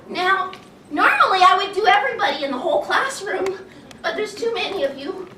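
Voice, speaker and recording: A woman with a very high, bright voice gives a playful, exaggerated talk to a live audience, acting out feelings with gasps and laughs. She sounds distant from the mic, in an echoey room with a faint hum of ambience. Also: animated, a little fast. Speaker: children's educator giving a talk.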